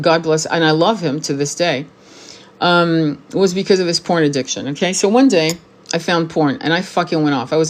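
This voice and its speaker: In a low voice, a tarot reader and spiritual teacher in her sixties talks straight to the camera. Her casual monologue is blunt and full of swearing, and she repeats points to drive them home.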